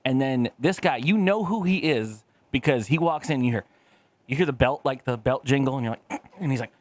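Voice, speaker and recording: A man's voice: medium pitch, expressive, brisk, no room sound. A man in his thirties, co-hosting a casual podcast, telling rambling, profane stories with acted-out quotes. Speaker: podcast co-host.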